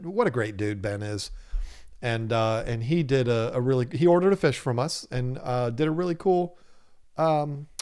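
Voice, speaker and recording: A man's voice: mid-range voice, a little mellow. A man hosting a casual livestream, reading viewers' chat comments aloud and joking with them, laughing often. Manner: laughs often and talks animatedly. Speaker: livestream host of an aquarium channel.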